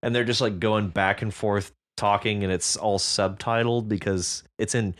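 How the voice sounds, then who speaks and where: A man's voice: on the low side, fairly even intonation, moderate pace. A man co-hosting a podcast in casual chat, dry and self-deprecating, laughing often. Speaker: podcast co-host.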